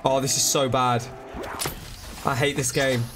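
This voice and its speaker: A young man commentating his game live, excitable, swearing and begging the game for help. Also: medium pitch, measured pace. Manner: swears, begs and pleads under pressure. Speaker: gaming streamer. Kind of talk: frantic live gameplay commentary. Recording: loud game music behind. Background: game music.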